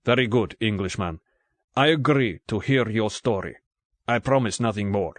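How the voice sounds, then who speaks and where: A man voicing a deep-voiced gruff Greek man. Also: dry recording, lightly acted. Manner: measured, contemptuous. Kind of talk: audiobook character voice.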